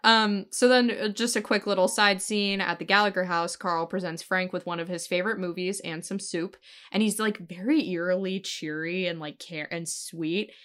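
A woman's voice: fairly low pitch, steady tone, normal speed, fairly bright tone. A woman co-hosting a casual podcast, retelling TV scenes and swearing freely as she acts out lines. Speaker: podcast co-host. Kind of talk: casual TV recap chat.

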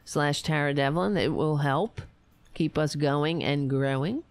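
A woman hosting a political livestream, hoarse and raspy after a long show, reading headlines and commenting in a wry, meandering way. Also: deep voice, measured pace, dry recording. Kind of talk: casual opinionated commentary.

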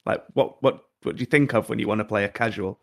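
A man's voice: fairly low pitch, fast talker, gravelly. A man co-hosting a casual podcast, teasing the others and putting questions to them. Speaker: podcast co-host.

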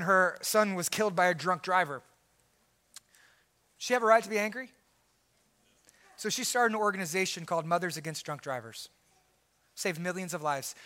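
A pastor with a high-pitched voice preaches a sermon, swinging between loud, emphatic preaching and quiet, intense asides.

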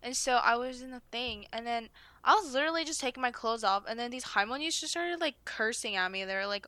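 A young woman with a bright, fairly high voice tells stories in a casual podcast chat. She talks in an animated way, full of fillers. The sound is close and dry. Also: fast talker, no echo. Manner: animated storytelling, lots of fillers. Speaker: podcast co-host.

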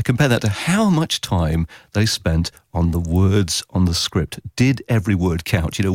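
A man, a radio author giving a lively interview and acting out listeners' reactions. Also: deep voice, no echo, clean studio sound. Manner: animated, acts out listener reactions in quotes. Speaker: radio consultant and author guest. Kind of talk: podcast interview.

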